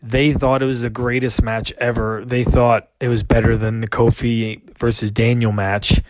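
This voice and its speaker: A man's voice: mid-range voice, little pitch movement, moderate pace, no echo. Emphatic, swearing male podcast host. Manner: ranting storyteller, repeats points for emphasis, swears. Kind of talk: casual chat.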